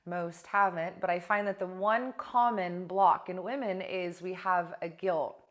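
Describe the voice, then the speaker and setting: Blunt, animated woman coach. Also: lowish voice, unhurried. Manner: animated, blunt, swears casually. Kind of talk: casual direct-to-camera talk.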